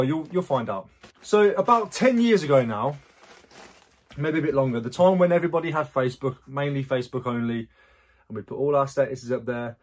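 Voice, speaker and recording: A man's voice: fairly high pitch, husky. A man, chatting casually in a rambling vlog about his resale sales and his past. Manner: chatty, rambling, self-correcting asides. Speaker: online reseller.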